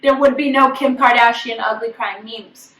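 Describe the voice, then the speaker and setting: A woman co-hosting a casual chat podcast who talks in an animated way, acting out quotes with lots of "like". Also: on the high side, moderate pace, echoey room, recorded from a distance, slight background noise, low-quality recording. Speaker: podcast co-host.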